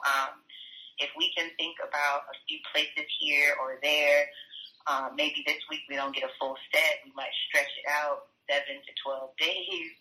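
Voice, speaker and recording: A woman with a low, bright, forceful voice talks casually, urging her listeners with slangy, encouraging emphasis. The sound carries a roomy echo. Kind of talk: casual advice chat.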